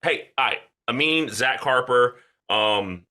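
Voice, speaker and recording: A man's voice: mid-range voice, slow, bright, forceful tone. A man co-hosting a podcast in casual chat, loose, slangy and joking. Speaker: podcast co-host.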